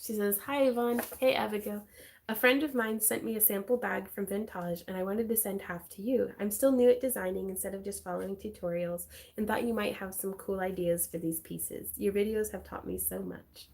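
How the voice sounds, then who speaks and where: A woman hosting a craft livestream, chatting casually in a bubbly, excitable way with frequent giggles. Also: mid-range voice, brisk, vocal fry.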